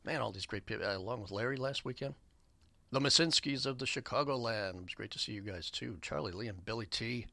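A man hosting a community radio show, giving rambling shout-outs and station announcements with lots of fillers in an upbeat way. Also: on the low side, dry recording. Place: radio studio. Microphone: studio microphone.

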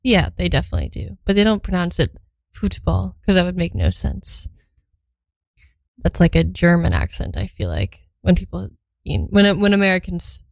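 A woman's voice: on the low side, gravelly, no echo, low-quality recording. A young woman from Belgium hosting a casual radio show, chatting between songs and thinking aloud as she reads facts for the first time.

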